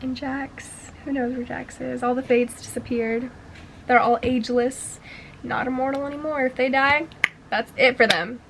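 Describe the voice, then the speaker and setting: A young woman with a fairly high voice reviews books in a casual, gushing way. Her talk is full of slang and swearing, and she sounds fully caught up in the story. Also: fairly even intonation, moderate pace, vocal fry, background noise. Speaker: book vlogger.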